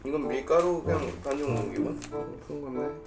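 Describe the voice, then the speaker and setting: A man from Korea, blunt and offhand, rattles off quick mumbled remarks. His voice sits a little high. Loud guitar music plays over him. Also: lively intonation. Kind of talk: casual chat.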